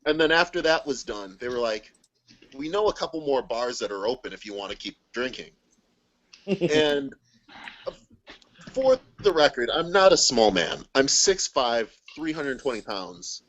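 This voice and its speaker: A man telling a story in a casual group video call, animated and laughing often as he acts out the people in it. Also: medium pitch, moderate pace, highs cut off. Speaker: guest.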